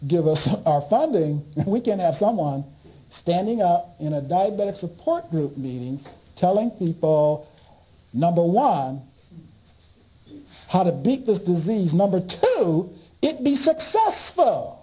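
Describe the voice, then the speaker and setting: A man's voice: sits high, big pitch swings, unhurried, dark tone. A man doing a flustered, backpedaling boss. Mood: blunt. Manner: hesitant, backpedaling. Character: flustered male association director.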